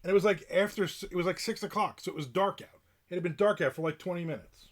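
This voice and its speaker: Grumpy ranting man, slightly high voice. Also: fast talker. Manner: grumpy, ranting, complaining about strangers. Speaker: livestreamer. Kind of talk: casual live-stream rant.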